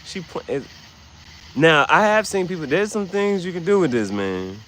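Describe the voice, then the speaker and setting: A man hosting a livestream, giving casual, rambling, slangy commentary with sudden loud, excited bursts. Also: on the high side, moderate pace, slight background noise, poor audio. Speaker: livestream host.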